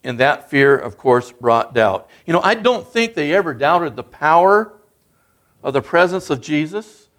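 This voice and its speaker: A man's voice: a little high, expressive, measured pace, a bit bright. A man preaching a sermon as a guest speaker, in an earnest, conversational way that builds in emphasis.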